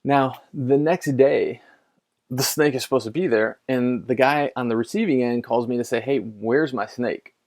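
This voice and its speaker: A man's voice: medium pitch, moderate pace, a little mellow. A middle-aged man, a pastor, telling a story in a casual conversational sermon, chatty with lots of fillers and restarts.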